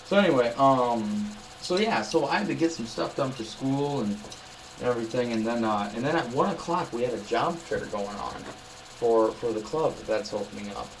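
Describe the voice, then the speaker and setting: A man's voice: medium pitch, lively intonation, normal speed, background noise. A young man vlogging in a casual chat, telling rambling, upbeat stories full of fillers.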